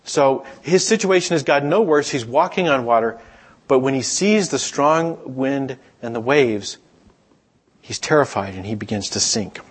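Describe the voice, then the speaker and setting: A middle-aged man giving a sermon in a relaxed, conversational storytelling way, sometimes acting out the voices of people he quotes. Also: medium pitch, normal speed, husky. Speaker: pastor.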